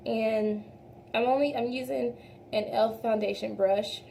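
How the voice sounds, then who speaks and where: A young beauty vlogger chats casually through a makeup tutorial, addressing her viewers as "y'all" and trailing off into restarts. Her voice is a little high and sing-song, with vocal fry and a darkish tone, at a measured pace. There's a slight hiss or hum in the audio.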